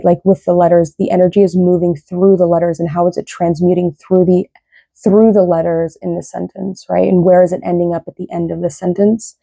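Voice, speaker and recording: Low, gravelly woman reading tarot. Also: dark tone, dry recording. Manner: rambling, tags sentences with "right?". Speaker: tarot reader.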